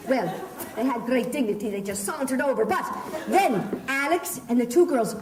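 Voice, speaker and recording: A woman's voice: sits high, animated, normal speed, a little mellow. A woman leading children through an interactive pirate story, playful and theatrical, coaxing them along with pet names. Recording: echoey room, picked up from a distance.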